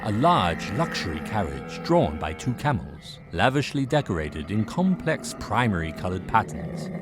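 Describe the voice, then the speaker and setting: A man giving scripted narration for a fantasy audio drama, steady and descriptive. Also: on the low side. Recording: narration over music.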